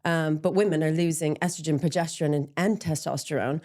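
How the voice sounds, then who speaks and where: Low-pitched middle-aged woman, frank and self-deprecating guest, loose conversational delivery. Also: steady tone, fairly quick, darkish tone. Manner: open and candid, frequent ums, laughs at herself. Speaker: interview guest, menopause support group founder. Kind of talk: candid conversational interview.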